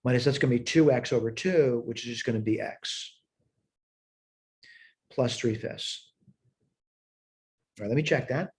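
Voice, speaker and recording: This math instructor's medium-pitched, darkish voice moves a little slowly, with long pauses. He is recording a lesson at a whiteboard with screen sharing, talking through each problem step by step.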